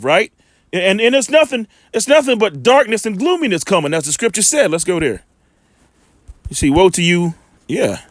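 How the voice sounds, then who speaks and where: A man giving informal scripture commentary, emphatic and colloquial, slowing right down when he reads verses aloud. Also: sits high, big pitch swings, no echo, clean studio sound. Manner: emphatic, colloquial, drawn-out slow scripture reading. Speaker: preacher commenting on video clips.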